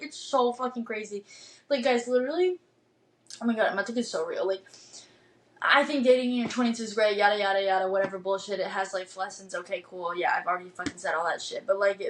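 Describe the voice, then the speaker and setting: A woman's voice: on the high side, poor audio. A young woman in her twenties hosting a podcast, telling a dating story in a blunt, emphatic rant full of swearing and "like" fillers. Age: 20s. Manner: emphatic, animated rants. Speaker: podcast host. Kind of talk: casual storytelling monologue.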